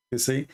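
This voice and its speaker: Man, gravelly, earnest preacher-style explainer, deliberate pacing. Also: medium pitch, warm tone. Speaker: Christian apologist answering a caller.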